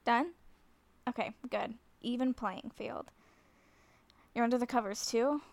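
Flustered woman in an audio role-play, nervous and self-conscious, with a fairly high voice and a dry, close sound. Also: unhurried, no echo. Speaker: nervous woman talking to a friend on the phone.

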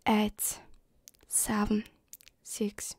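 A woman's voice: mid-range voice, completely flat delivery, very slow, darkish tone, no echo. A woman whispering through a live stream, giggly and self-deprecating as she chats. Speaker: ASMR streamer.

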